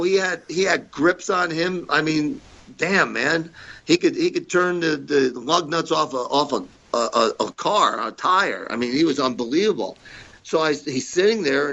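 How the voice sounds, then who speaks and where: Guy telling wild stories on a podcast, acts out everyone's lines, sharp bright voice. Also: medium pitch, dull audio. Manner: animated storyteller who acts out the quoted voices. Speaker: podcast guest, retired wrestler. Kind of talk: storytelling in an interview.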